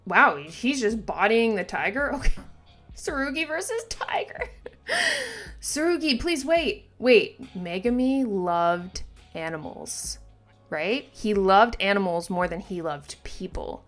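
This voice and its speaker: A woman hosting a manga reaction video, excitable and gushing, swearing freely as she reads along and reacts. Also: mid-range voice, takes it slowly, soft background music. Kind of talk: reaction vlog.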